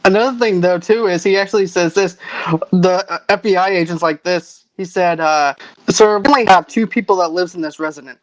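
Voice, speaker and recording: A man's voice: sits high, fairly quick, no echo, rough recording. Easygoing man hosting a film podcast. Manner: relaxed, laughs often, recaps plot. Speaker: movie review podcast host. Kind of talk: casual chat.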